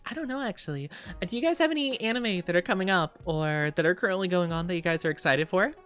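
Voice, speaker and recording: A woman's voice: lowish voice, fast talker, a bit bright, faint music behind. A young woman streamer chatting casually with her viewers, rambling and giggling often.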